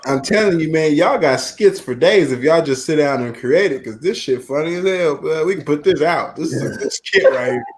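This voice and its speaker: A man's voice: a little high, animated, moderate pace, hardly any pauses. A man co-hosting a podcast, telling loose, profane stories in casual chat. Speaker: podcast co-host.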